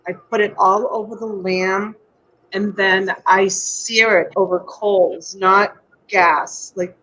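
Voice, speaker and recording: A woman's voice: mid-range voice, steady tone, takes it slowly, bright, forceful tone, rough recording. Chatty middle-aged woman hosting a live stream from home, talks on and on, gushy. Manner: chatty, rambling, effusive. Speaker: live-stream host selling items. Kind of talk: casual live-stream chat. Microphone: USB desk mic.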